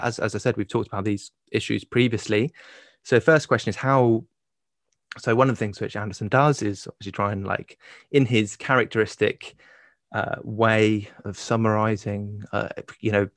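A man co-hosting a podcast from home, introducing the topic in a hesitant way with many pauses and restarts and some dry humor. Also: on the low side, no echo. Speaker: podcast co-host. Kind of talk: casual podcast discussion. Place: home in London.

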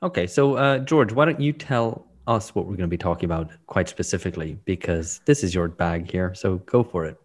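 A man's voice: low-pitched, a little fast, few pauses. A man hosting a podcast, opening the episode with a friendly welcome and introducing his co-hosts in a casual chat. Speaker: podcast host.

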